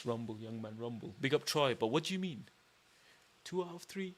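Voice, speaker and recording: A man's voice: medium pitch, a little fast. Boastful swearing man on stream. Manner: boastful, swears a lot, heated; uses street slang. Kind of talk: casual livestream chat.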